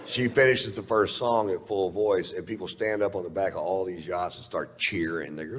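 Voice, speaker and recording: Deep-voiced man telling a profane stand-up story. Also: brisk, few pauses. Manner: profane, drawling, laid-back storytelling. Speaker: stand-up comedian. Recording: live stage recording in a reverberant hall.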